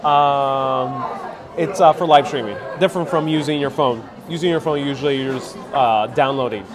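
A man from the United States, speaking at medium pitch and a moderate pace, live-streams as a travel vlogger in a busy restaurant. With his phone held at arm's length, he tastes food and drink and chats playfully, greeting viewers as ladies and gentlemen, with crowd chatter behind him.

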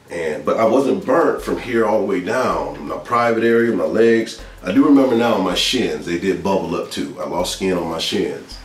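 A man from Georgia, earnestly telling a spiritual testimony in a casual, storytelling way that repeats its phrases. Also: fairly low pitch. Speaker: speaker sharing testimony. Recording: echoey room with faint music, mic at a distance.

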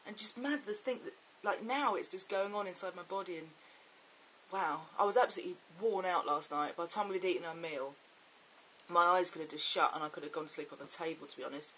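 A young man chatting excitably and rambling in a casual video diary. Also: sits high, fairly quick, slight background noise, rough recording. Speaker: vlogger.

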